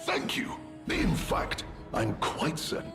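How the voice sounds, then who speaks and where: Dramatic gravelly collector in a game, swoopy pitch, music playing. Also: male voice, huge pitch swings, slow, heavily acted. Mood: theatrical. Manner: dramatic gasps and exclamations. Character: eccentric male collector, excitable and theatrical. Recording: game audio with music behind.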